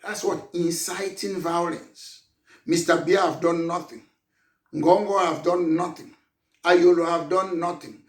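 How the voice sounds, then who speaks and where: A man from Anglophone Cameroon with a Cameroonian English accent, a political leader giving an impassioned, emphatic speech with bursts of shouting. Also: a little high, fairly even intonation, a little slow, reverberant.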